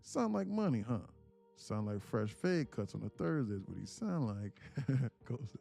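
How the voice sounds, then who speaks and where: A man's voice: mid-range voice, sing-song, normal speed, vocal fry, darkish tone, faint music behind. Laid-back joking man on a livestream. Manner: joking, playful, slangy, often puts on a voice. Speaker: livestream trading host. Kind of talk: casual livestream chat.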